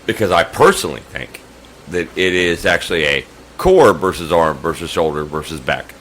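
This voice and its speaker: A man's voice: low voice, big pitch swings, normal speed, a bit bright, a little hiss or hum, low-quality recording. A man on a casual podcast, playful and teasing, with a mock-serious tone.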